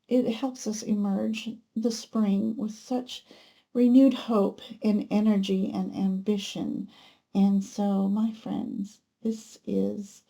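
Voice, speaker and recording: A woman giving a pick-a-card tarot reading, talking gently and spiritually with many pauses and fillers. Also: fairly high pitch, creaky. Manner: gentle, unhurried, spiritual musing with many ums. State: emotional, close to tears at times. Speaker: tarot reader.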